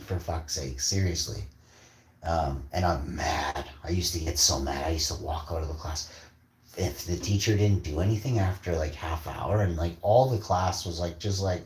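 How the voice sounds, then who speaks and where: A man's voice: a bass voice, moderate pace, darkish tone. A man telling rambling, profane, boastful stories in a casual rant. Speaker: vlogger. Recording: echoey room, faint background noise.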